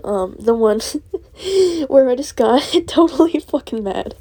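A woman's voice: sits high, lively intonation, slow pace, warm tone, breathy edge. A young woman hosting a casual solo podcast, ranting in a profane, rambling way and laughing through her angry venting. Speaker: podcast host.

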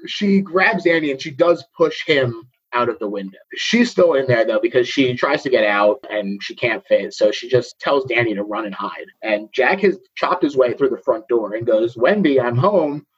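A man's voice: mid-range voice, lively intonation, normal speed, hardly any pauses, a bit bright, breathy edge. A man hosting a podcast, casually recapping a movie with jokes and frequent laughs. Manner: jokey, laughs often mid-sentence. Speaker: podcast host. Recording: dull lo-fi recording.

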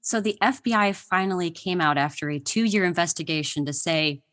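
A woman's voice: on the low side, normal speed, fairly bright tone. A woman guest on a podcast, telling history stories with enthusiasm and laughing often. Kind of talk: casual interview chat.

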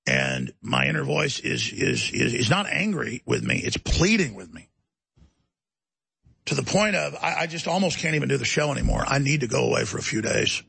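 Gravelly, forceful ranting talk-show man. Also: mid-range voice, very animated, moderate pace, dry recording. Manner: ranting, emphatic and heated. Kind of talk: impassioned talk-show monologue.

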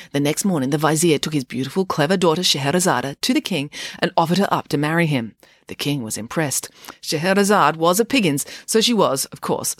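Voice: medium pitch, no echo, studio quality. A narrator reading a comic story aloud in a playful way, full of asides.

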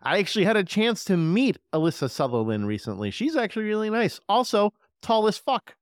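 A man hosting a horror movie podcast in casual chat, excited and swearing freely. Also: sits high, brisk, no room sound, clean studio sound. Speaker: podcast host.

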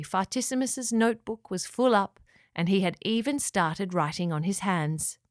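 Kobieta czytająca bajkę dla dzieci. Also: female voice, medium pitch, dry recording, clean studio sound. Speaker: storyteller. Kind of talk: children's story reading.

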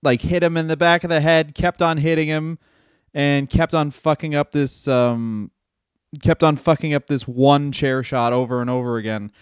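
A man's voice: on the high side, fairly even intonation, moderate pace, smooth, no room sound, studio quality. A man co-hosting a comedy podcast, telling stories in a sarcastic, profane, casual way. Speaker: podcast co-host.

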